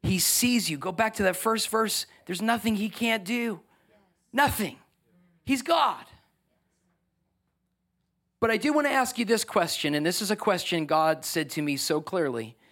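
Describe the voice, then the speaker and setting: A man's voice: high-pitched, a little slow, long pauses, a bit bright. A man pastor preaching a sermon in a church, passionate and driving, firing rhetorical questions with casual joking asides. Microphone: microphone.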